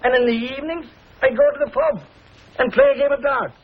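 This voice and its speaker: In a 1950s TV sitcom, an actor from Ireland plays a visiting cousin, a lonely, warm-hearted older tailor, speaking with a husky voice and lilting Irish brogue. His male voice is very high-pitched and brisk, with a wistful, coaxing mood, in dull lo-fi 1950s TV audio.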